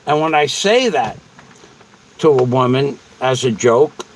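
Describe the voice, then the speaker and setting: A man's voice: medium pitch, expressive, a little slow, slight background noise, low-quality recording. A man hosting a casual livestream, rambling and repeating himself as he answers viewers. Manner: rambling and repetitive. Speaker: livestream host.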